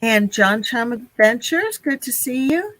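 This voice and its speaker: A woman's voice: fairly high pitch, very animated, measured pace, fairly bright tone, no echo, low-quality recording. A woman hosting a casual live stream, chatty and laughing often as she talks to her viewers.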